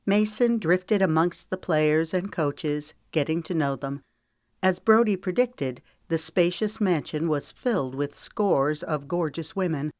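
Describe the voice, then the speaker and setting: Narrating an audiobook, a woman keeps her storytelling steady and measured. She has a low-pitched voice, recorded in a clean studio with no echo.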